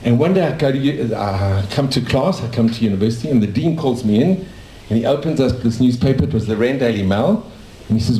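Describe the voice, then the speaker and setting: Older man from South Africa, dentist sharing memories, mellow voice, roomy cafe sound. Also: medium pitch, expressive, a little fast, hardly any pauses. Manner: rambling, warm anecdotal storytelling with restarts. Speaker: dentist telling his life story. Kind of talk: casual storytelling to a small audience. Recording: echoey cafe room.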